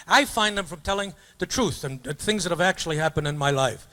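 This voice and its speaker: A man's voice: sits high, fast talker, hardly any pauses, sharp tone. An older man, a comedian, telling rambling stand-up stories in an auditorium. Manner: loose, rambling storyteller slipping into mock-opera singing and funny voices. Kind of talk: stand-up storytelling. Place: high school auditorium.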